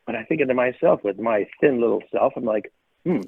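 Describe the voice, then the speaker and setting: Husky man on a tinny line. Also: medium pitch, fairly quick, no room sound. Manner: emphatic, repeats phrases for punch. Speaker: podcast co-host. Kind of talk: casual storytelling chat.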